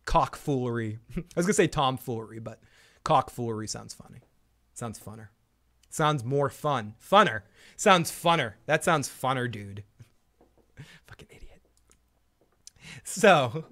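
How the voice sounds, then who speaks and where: A man's voice: mid-range voice, a bit bright. A man hosting a casual livestream chat, rambling and laughing often between remarks. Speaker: host.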